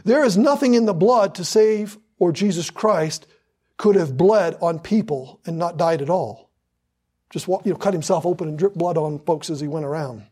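A man's voice: sits high, normal speed, darkish tone, slightly rough. A man preaching a sermon with fervor, hammering points through repetition and drawing out scripture for emphasis.

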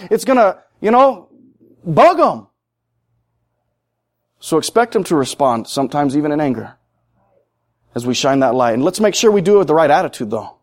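A man preaching a sermon in a high voice. He talks plainly and repeats his points for stress. His delivery climbs to loud, emphatic peaks. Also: big pitch swings, brisk.

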